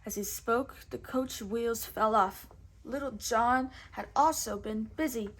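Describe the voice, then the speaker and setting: A woman teacher reading a storybook aloud slowly and carefully. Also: fairly high pitch.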